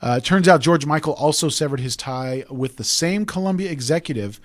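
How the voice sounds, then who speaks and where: A man's voice: on the high side, animated, fairly quick, no echo. A man hosting a talk radio show, chatting casually and rambling into digressions.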